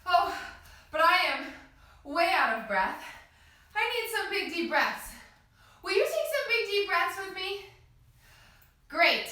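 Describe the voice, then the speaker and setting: Bright, sing-song kids' yoga teacher, a woman; room echo, voice off-mic. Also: very high voice, big pitch swings, takes it slowly, pauses often. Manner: sing-song, gently encouraging, speaks to small children. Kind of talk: children's yoga class instruction. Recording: echoey room, voice from a distance.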